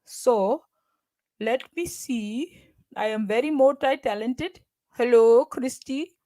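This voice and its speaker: A prim, overly courteous call-center agent who speaks in a thick foreign accent and stiff, scripted phrases, as a woman puts her on for laughs. The voice sits noticeably higher than everyday talk and pushes out a little louder, as if reading from a service script. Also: takes it slowly. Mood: overly polite. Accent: put-on thick foreign accent. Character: polite female overseas call-center rep. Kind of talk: comic impression during a livestream.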